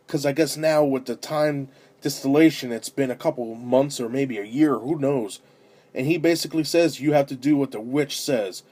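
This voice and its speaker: A man giving a casual spoken film review, animated as he retells the story, with fillers and restarts. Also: mid-range voice. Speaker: amateur movie reviewer.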